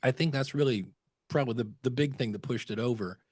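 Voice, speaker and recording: A man guesting on a podcast, telling relaxed stories and acting out quotes from other people. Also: medium pitch, fast talker, husky, no room sound, clean studio sound. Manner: chatty anecdotes with acted quotes. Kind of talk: conversational interview storytelling.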